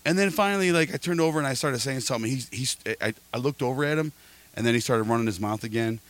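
Fast-talking man telling a story. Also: medium pitch. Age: middle-aged. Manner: animated, quotes people in quick back-and-forth. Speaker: podcast host. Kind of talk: casual storytelling chat.

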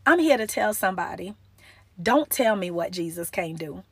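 A woman's voice: mid-range voice, lively intonation, moderate pace, slightly rough, no echo. A young woman giving an earnest, emotional devotional talk into her phone, pleading with her listeners. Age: young adult. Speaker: motivational Christian speaker.

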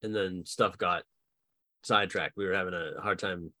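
His voice sits low and the recording is dry. A podcast co-host doubling as dungeon master, he brainstorms game characters in easygoing, animated talk, often laughing and performing short dialogue snippets.

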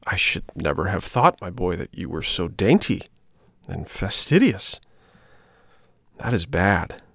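A patient old father, gently lecturing his boy, as a man voices him. The voice is low and gravelly, calm and steady in a storybook reading. The sound is dry and close. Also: measured pace, no echo, heavily acted.

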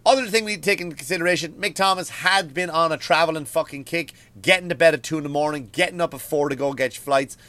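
An Irish man, a comedian and podcast host, telling a story as a profane, animated comedic rant from home. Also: fairly high pitch, fast, hardly any pauses, no echo. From Ireland.

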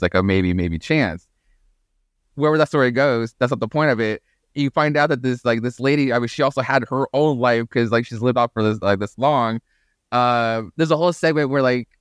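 Rambling, enthusiastic man with a smooth voice. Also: mid-range voice, no echo, clean studio sound. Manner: rambling and enthusiastic, heavy on fillers and swearing. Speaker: podcast co-host. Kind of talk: casual podcast chat.

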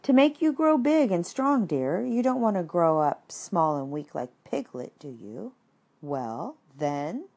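A woman's voice: on the low side, sing-song, unhurried, full character voice. Kanga, a cheerful motherly kangaroo voiced by a woman. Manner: cheerful, gently teasing. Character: motherly, calm female kangaroo.

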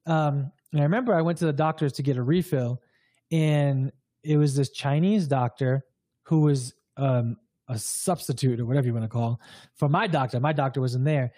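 A man's voice: medium pitch, moderate pace, mellow, no echo, clean studio sound. A man guest, a breathwork coach, telling a candid personal story in a casual, loose way with many fillers.

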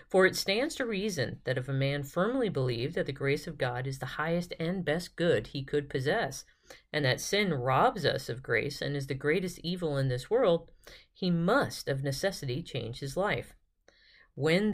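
A woman hosting a devotional podcast retreat, leading a prayer and reading a spiritual classic aloud in a calm, steady way. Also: sits low. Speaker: podcast host and retreat guide.

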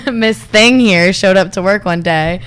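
A woman's voice: medium pitch, takes it slowly, a bit bright. A woman in her twenties from Florida, a podcast guest chatting casually, laughing often and using lots of "like.". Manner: giggly, filler-heavy. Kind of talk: casual chat.

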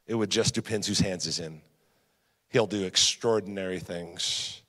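Energetic male preacher in an echoing church. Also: low voice, measured pace. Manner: energetic preaching, swings between loud emphasis and quiet drops; talks in repeated refrains and storytelling. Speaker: guest pastor. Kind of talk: sermon. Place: church sanctuary. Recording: long reverb of a church hall.

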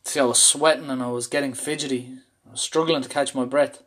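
Man from Ireland, mid-pitch, candid and intense, swears freely, personal storytelling talk. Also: steady tone, a little fast, hardly any pauses, fairly bright tone. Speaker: speaker sharing a personal story.

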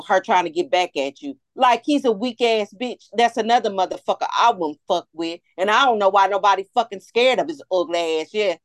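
A woman's voice: medium pitch, dry recording. A woman ranting in heated, profane casual chat on a podcast.

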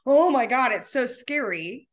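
A woman's voice: fairly high pitch, expressive, a little slow. A woman talking as a guest in an emotional, heartfelt conversation, at times near tears.

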